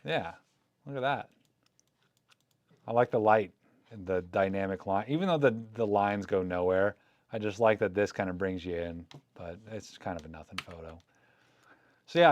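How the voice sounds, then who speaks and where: With a low, slightly mellow voice and the highs cut off, a male photography vlogger comments live while scanning film. His manner is chatty and joking, and he thinks aloud throughout.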